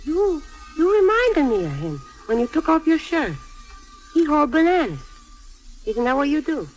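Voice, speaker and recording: Fiery widow, middle-aged woman, high lively voice, broken English, old film drama. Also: normal speed, soft background music, rough recording. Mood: wistful. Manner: blunt, emotional, broken English. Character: fiery Italian immigrant widow, seamstress.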